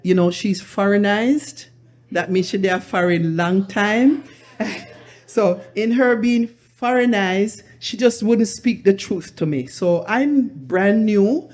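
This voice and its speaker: Lively Jamaican woman hosting a live event. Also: medium pitch. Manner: lively, laughing, switches into patois. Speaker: event host. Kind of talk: live storytelling and introduction. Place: live event venue with audience.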